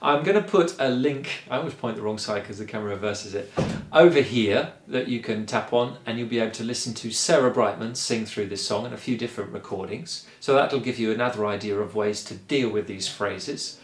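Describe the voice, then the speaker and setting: A man giving a singing lesson, explaining calmly and encouragingly, step by step. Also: fairly low pitch, a little fast, few pauses, reverberant, a little hiss or hum. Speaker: singing teacher. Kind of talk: vocal lesson.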